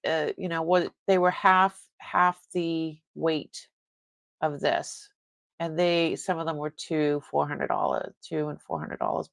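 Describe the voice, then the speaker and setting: A woman's voice: fairly low pitch, creaky, no room sound. A woman hosting a live online jewelry sale, chatting casually with viewers and rambling, often breaking off mid-sentence. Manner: chats with viewers reading comments.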